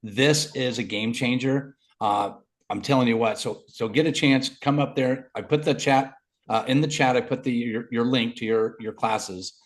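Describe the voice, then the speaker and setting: A man hosting an agents' video call, talking casually in a loose, halting way. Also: medium pitch. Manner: loose, halting, with fillers and restarts. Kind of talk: casual chat.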